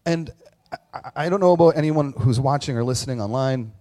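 A pastor preaches a conversational sermon in a church that also streams to an online audience. His mid-range voice has a dark tone and moves a little fast as he tells candid, self-deprecating stories full of fillers and restarts.

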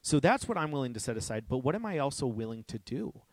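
A man's voice: medium pitch, big pitch swings, fast, dry recording. A young man giving a casual, conversational sermon to his church, candid and self-deprecating, with frequent restarts. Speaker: pastor.

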